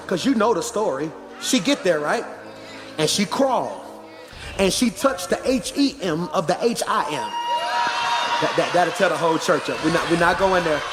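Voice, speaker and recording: High-voiced preacher man in a reverberant hall. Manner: conversational preaching that builds to shouting. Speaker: pastor. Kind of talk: sermon. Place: large church hall. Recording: church hall reverb with music behind.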